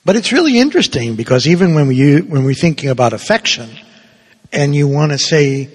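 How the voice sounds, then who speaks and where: A priest in his sixties giving a sermon, playful and animated, acting out little quotes as he goes. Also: on the high side, a little fast, slightly rough. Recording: reverberant hall.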